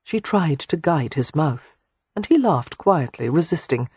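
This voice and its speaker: An audiobook narrator with a breathy, husky tone reads romance prose in a soft, intimate, even way. The sound is close and dry, with no room around it. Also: mid-range voice, measured pace, no room sound.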